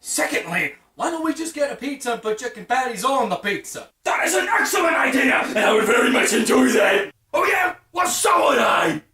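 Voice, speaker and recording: A woman acting out cartoon roommates who cannot stop screaming at each other. The voice is high and sharp, and the pitch jumps all over. It is recorded from a distance in an echoey room. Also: big pitch swings, a little fast, few pauses, full character voice. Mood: yelling. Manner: yelling nonstop, frantic and argumentative. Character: screaming young roommates in a petty feud.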